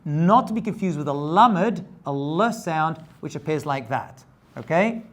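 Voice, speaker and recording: A man's voice: a little high, animated, unhurried. A man, a rabbi, giving a step-by-step lesson in a patient way, repeating points, checking in with the learner and correcting his own slips as he goes. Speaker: rabbi teaching Hebrew script.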